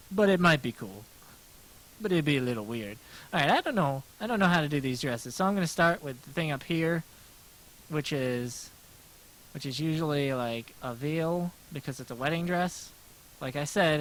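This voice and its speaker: A streamer and artist sketches while chatting casually on a livestream, his voice fairly high and a bit bright. The recording is low quality, and he rambles, pokes fun at himself, and restarts often.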